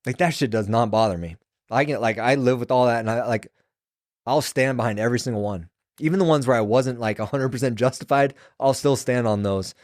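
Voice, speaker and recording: A man's voice: medium pitch, fairly quick, darkish tone. A man in his thirties recalls his years as a prison sergeant in loose, profane chat. He slips in and out of the voices of the people he talked to. The sound is dry and close with no room echo. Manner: loose and profane, acts out quoted dialogue. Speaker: former prison sergeant, podcast guest. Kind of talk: casual storytelling conversation.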